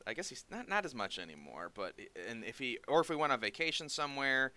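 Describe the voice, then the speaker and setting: A man hosting a podcast, chatting casually and telling stories in an animated way. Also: mid-range voice, quick pace. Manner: animated storyteller, breaks into laughter. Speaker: podcast host. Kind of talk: casual chat.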